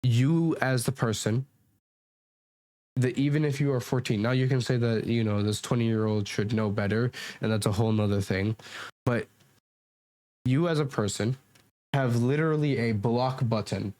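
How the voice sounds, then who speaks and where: With a mid-range, steady, slightly mellow voice at a moderate pace, a commentary YouTuber reacts to comments from his home desk mic, and there's no echo. He's rambling and defensive, arguing his points with repeated restarts and fillers.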